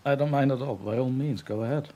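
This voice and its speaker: A man appearing as a guest narrator on a live stream, talking modestly with hesitant pauses. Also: medium pitch, dark tone, a little hiss or hum. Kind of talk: casual live stream chat.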